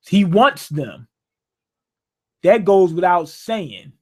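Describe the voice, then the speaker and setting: High-voiced man giving a joking, rambling recap. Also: animated, takes it slowly, long pauses, slightly rough. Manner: joking, loose and conversational, repeats himself. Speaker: show reviewer.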